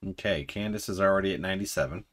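A woman's voice: rumbling low, rapid-fire. A woman hosting a game livestream, chatting casually and narrating what she clicks. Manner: laid-back, narrating game menus. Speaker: streamer host.

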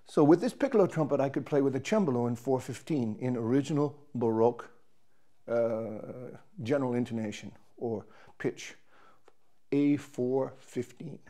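A trumpet player with a warm, medium-pitched voice casually explains and demonstrates his instrument at a normal speed. He thinks aloud as he goes and often restarts his sentences.

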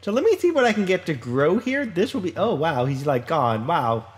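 A man talks casually over his own gameplay in a somewhat high, lively voice that swoops up and down. He rambles, stops and restarts, and pokes fun at himself as he goes. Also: moderate pace, a little hiss or hum. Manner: chatty, rambling, self-deprecating, frequent fillers and restarts. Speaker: Minecraft let's play host.

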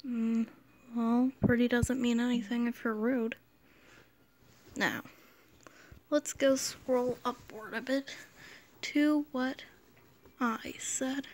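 High-voiced woman rambling while she scrolls. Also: steady tone, slow pace, long pauses. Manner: rambling, drops into quiet whispers while scrolling. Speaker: channel host. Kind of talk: casual screen-scrolling commentary.

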